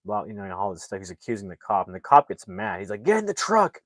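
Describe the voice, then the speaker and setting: A man with a fairly low voice talks through a film's plot in a loose, rambling recap, leaning on fillers and starting sentences over. The sound is dry and close, with no room echo. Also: level tone, fast. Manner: rambling, heavy on fillers and restarts. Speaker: movie reviewer. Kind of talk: casual movie plot recap.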